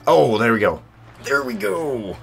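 Man, gameplay commentary, husky, lively pitch, sarcastic, excitable. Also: a little slow, faint music behind. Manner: excitable, sarcastic, yelps at big plays. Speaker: gaming channel host.

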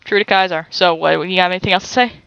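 A woman's voice: on the low side, fairly even intonation, fast, gravelly, fairly bright tone, clear, resonant tone, highs cut off. A young woman commentating a video game, teasing characters and laughing often. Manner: giggly, teasing, breaks into laughter. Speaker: gaming YouTuber. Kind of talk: let's play commentary.

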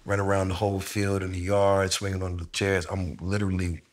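A middle-aged man speaks in a candid sit-down conversation, his very deep voice staying low and level. He tells his story slowly and reflectively, dropping casual slang along the way. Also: little pitch movement. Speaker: interviewee sharing a personal story.

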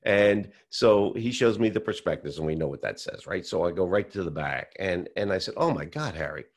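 A man with a deep, gravelly voice tells his story in an interview. He acts out the conversations he quotes as he goes. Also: normal speed. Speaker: whistleblower telling his story.

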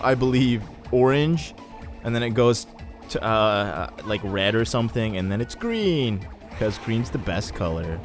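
Young male let's-play host, mid-pitched, rambling chatter, yelps when excited, faint game music behind. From Egyptian heritage. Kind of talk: casual gameplay commentary.

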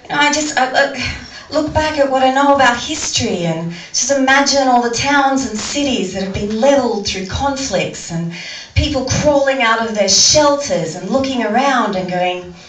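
A woman's voice: fairly high pitch, expressive, moderate pace, echoey room, recorded from a distance, rough recording. A woman with an Australian accent performing a stand-up comedy set, rambling and restarting her sentences often. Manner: rambling, stammering delivery with frequent restarts. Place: comedy venue with audience.

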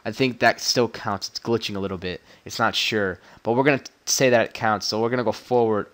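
A man's voice: on the low side, fairly even intonation, brisk, a bit bright. Jokey young man talking through a game. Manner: rambling, jokey and easily flustered. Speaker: gameplay commentator. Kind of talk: casual game tutorial commentary.

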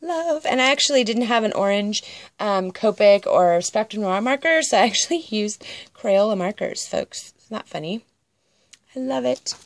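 A woman's voice: medium pitch, moderate pace, no echo. Casting note: middle-aged woman, chatty craft vlogger, easily thrilled, gushes over every card. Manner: gushing, excitable, squeals over crafts. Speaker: crafting channel host. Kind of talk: casual show-and-tell vlog.

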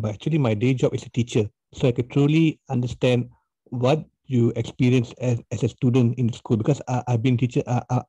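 Mellow-voiced podcast host, halting. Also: male voice, medium pitch, husky, no echo. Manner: hesitant, many restarts and fillers. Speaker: podcast host, math teacher. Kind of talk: casual interview chat. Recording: dull lo-fi dry sound.

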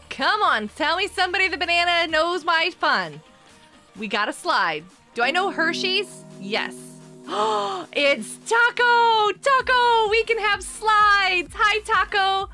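A woman hosting a casual gameplay live stream. She chats with viewers, greets them by name and breaks into excited outbursts. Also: high voice.

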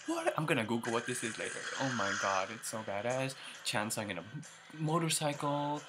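Young male reaction vlogger, excitable and gushing, with a very lively, swooping voice. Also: medium pitch, normal speed, background noise. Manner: gushing, excitable, exclaims often.

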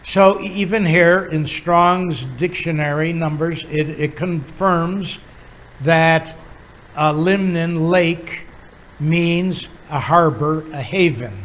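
A man teaching a Bible lesson as a pastor, pausing often with fillers while he explains words. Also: fairly high pitch, fairly bright tone, a little hiss or hum, rough recording. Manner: halting, many filler pauses, chuckles while teaching.

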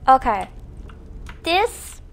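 A woman's voice: high-pitched, sing-song, drawn-out words, vocal fry, a bit bright. A young woman casually commenting on a horror video game she is playing, chatty and self-mocking, laughing often. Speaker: gaming channel host. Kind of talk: casual let's-play commentary.

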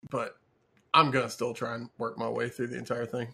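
A man co-hosting a casual gaming podcast, talking in a relaxed, rambling way. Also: medium pitch, a little fast, creaky. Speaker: podcast co-host. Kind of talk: casual chat.

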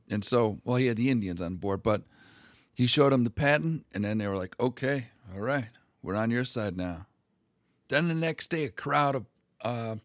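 A man's voice: medium pitch, no room sound, clean studio sound. A man hosting a history video, retelling old documents in a casual, crude and irreverent way.

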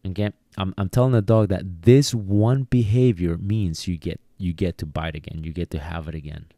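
In a solo podcast lesson on dog training, a man speaks in a deep, steady, mellow voice at a normal speed. The studio recording is dry, and his casual, repetitive delivery includes acted-out dialogue.

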